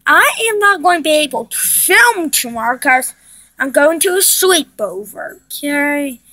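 A woman giving excitable gameplay commentary to her viewers, often breaking into panicked shrieks. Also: sits high, measured pace, no room sound. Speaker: gaming video creator.

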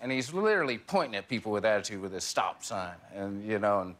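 A man's voice: lowish voice, big pitch swings, fast talker, fairly bright tone. A man in his forties, a talk show guest telling a comic story and laughing through his punchlines. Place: TV studio with live audience.

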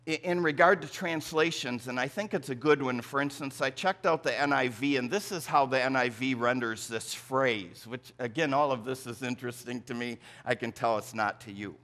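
A man with a Michigan accent preaching a deliberate, emphatic sermon as pastor in a church. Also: medium pitch, fairly bright tone. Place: church sanctuary.

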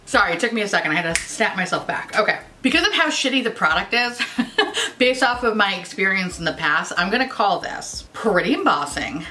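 Bright, lively, foul-mouthed woman ranting. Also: medium pitch, brisk, slight background noise. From United States. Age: 30s. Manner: sarcastic, swears constantly, jumps into silly voices. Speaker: beauty YouTuber. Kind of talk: casual profane rant.

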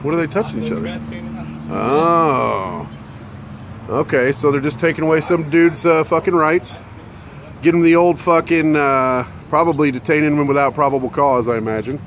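Man, vlog host, rowdy car rant with cursing and barks, then quick apologies. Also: a little high, slight background noise. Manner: rowdy, swearing, barking and yelling outbursts, repeated apologies. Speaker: vlogger. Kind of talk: casual vlog commentary.

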